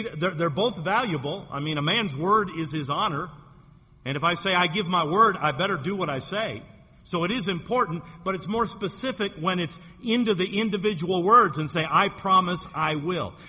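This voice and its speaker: A male pastor preaches with emphatic weight, drawing out key phrases. His voice is bright and strained, a little husky as he is losing it, and it rings in a long church reverb. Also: fairly high pitch. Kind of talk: sermon. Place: church sanctuary.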